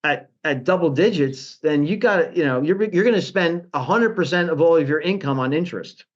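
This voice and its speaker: Animated man on a dull lo-fi line. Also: fairly high pitch, a little fast. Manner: animated, restarts often, mocking quotes. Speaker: guest, portfolio manager. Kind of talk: financial interview.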